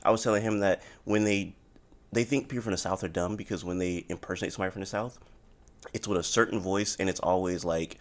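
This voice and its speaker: Male podcast host from Florida, low-pitched, loose and joking. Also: fairly even intonation, fast. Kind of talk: casual chat. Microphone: remote call mic.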